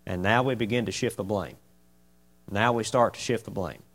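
A man leads an informal Bible study in a folksy, lively manner. He keeps asking his listeners questions and drives his points home. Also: fairly low pitch, moderate pace, slightly rough. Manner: folksy and animated, asks the group many questions. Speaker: preacher teaching a Bible class.

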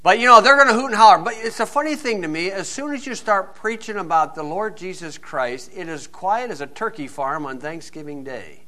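A man's voice: high-pitched, lively intonation, a little fast, few pauses, bright, forceful tone. A man preaching a sermon in a folksy, joking and emphatic way.

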